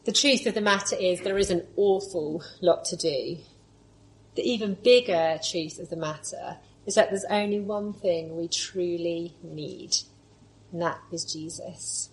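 A woman preaching a sermon, moving between lively storytelling and soft, hushed reflection. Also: lowish voice, measured pace, poor audio.

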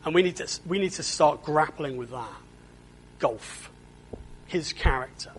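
A man's voice: fairly high pitch, animated, measured pace, a little hiss or hum, low-quality recording. A man preaching a sermon in a church, earnest and often repeating words as he stresses a point.

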